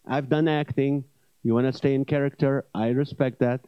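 A man's voice: mid-range voice, steady tone, normal speed, smooth, dry recording, voice pushed down, close to an everyday voice. A man voicing a blunt young male actor hired to play Jesus, speaking in a matter-of-fact, offhand way. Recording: dull dry lo-fi sound.

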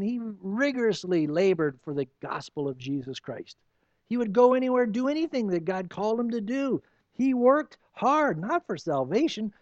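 A man pastor preaching an expository sermon, animated, with rhetorical questions. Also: high voice, no room sound, muffled recording.

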